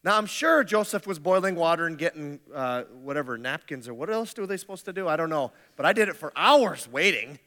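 A man preaches with a bright, forceful voice pitched a little high. He keeps it conversational and joking, tripping over restarts, and his words ring out with a long hall reverb. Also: lively intonation, brisk, hardly any pauses. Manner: conversational, humorous, with frequent restarts. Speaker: pastor. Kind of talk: sermon.

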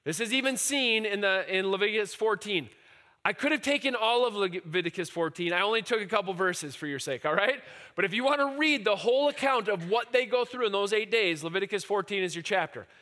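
High, bright-voiced man preaching. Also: fairly quick. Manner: animated, switching between quiet musing and shouted cries. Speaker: pastor. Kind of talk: sermon.

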